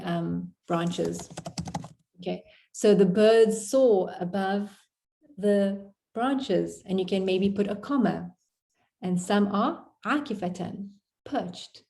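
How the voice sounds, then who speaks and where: A woman's voice: mid-range voice, warm tone. A woman teaching an Arabic poem to a class on a video call, explaining it word by word in a chatty way. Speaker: Arabic tutor. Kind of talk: online class.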